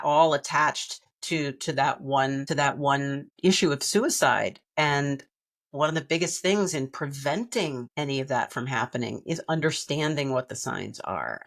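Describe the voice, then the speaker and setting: Gravelly-voiced woman co-hosting a podcast. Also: a bass voice. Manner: earnest and reflective, with frequent restarts. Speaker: podcast co-host. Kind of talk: heartfelt podcast conversation.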